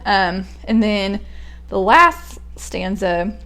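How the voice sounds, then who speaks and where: A woman's voice: medium pitch, slow, gravelly. A young woman talking through a poem in a casual, hesitant way, thinking aloud with many fillers and restarts. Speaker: poetry reader and commentator. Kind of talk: casual spoken poetry analysis.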